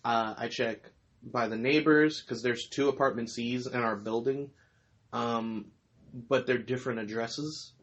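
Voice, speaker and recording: Young guy podcast host rambling along, mid pitch, kinda muffled lo-fi sound. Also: fairly even intonation, a little slow, fairly bright tone. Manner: loose, rambling storytelling with fillers and laughs. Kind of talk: casual chat.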